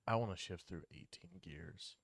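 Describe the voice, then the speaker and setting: A man's voice: lowish voice, sing-song, moderate pace, vocal fry, breathy edge, no room sound. A man co-hosting a casual podcast chat, dropping in short, laid-back asides and reactions.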